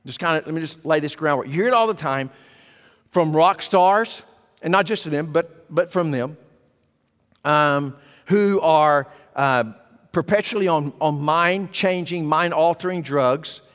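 A man's voice: a little high, measured pace, a bit bright, clear, resonant tone. A man preaching a sermon to a congregation, emphatic and asking rhetorical questions. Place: church sanctuary. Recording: long hall reverb.

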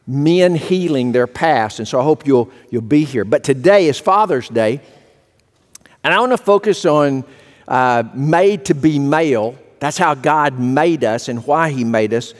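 Folksy male pastor in an echoing church. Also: medium pitch. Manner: folksy storytelling, repeats words as he goes. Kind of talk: sermon.

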